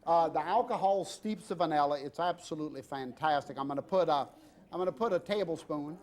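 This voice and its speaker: Slight background noise sits under this fairly quick, drawling voice of a middle-aged TV cooking show host from Louisiana, pitched notably high for a man. Jovial and chatty, he banters with guests and crew and wanders loosely between steps, full of fillers.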